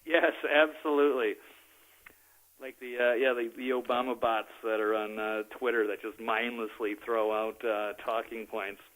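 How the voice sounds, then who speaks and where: A male guest calling in by phone to talk politics. His voice is bright and clear, and he keeps pausing on uh and um and laughing lightly. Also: medium pitch, steady tone, poor audio. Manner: hesitant, many fillers, chuckles often. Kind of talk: casual political chat. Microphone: phone call.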